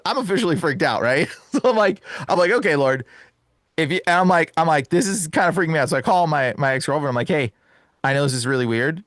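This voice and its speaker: A man's voice: fairly high pitch, fast, dry recording. Young guy telling a wild story, laughs a lot, says bro, dry close sound. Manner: animated, laughs often, says "bro" and "dude". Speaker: guest. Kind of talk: excited storytelling.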